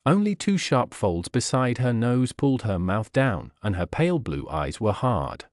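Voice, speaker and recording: Casting: male audiobook narrator for learners, clear and plain, lively pitch, dry close sound. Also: measured pace, no room sound.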